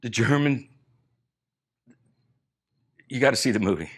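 A middle-aged male pastor tells a story from the pulpit. He acts out each character's lines and swings from hushed, low passages to loud, high, emphatic bursts. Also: unhurried, breathy edge. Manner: animated retelling, acting out lines, rising to loud emphatic peaks. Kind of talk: sermon storytelling.

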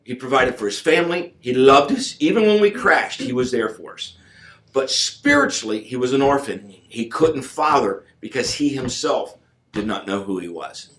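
A man of mid pitch tells a personal faith story in a relaxed, conversational way. He leans hard on key words and keeps shifting between loud, pressing stretches and quiet, hushed ones. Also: moderate pace, echoey room. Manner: emphatic, informal, swings from loud to hushed. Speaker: guest sharing a personal testimony.

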